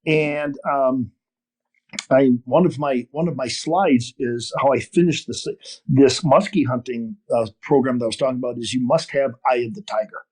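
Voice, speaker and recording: An older man from northern Wisconsin telling a long story in an interview, animated and full of restarts. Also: mid-range voice, normal speed. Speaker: podcast guest, fishing TV host. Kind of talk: storytelling interview over a call.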